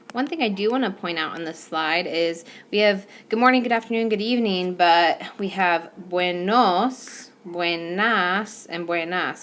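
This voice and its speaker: A woman's voice: lowish voice, slight background noise. A woman teacher explaining a recorded whiteboard lesson patiently, with some fillers. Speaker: Spanish teacher. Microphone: tablet microphone.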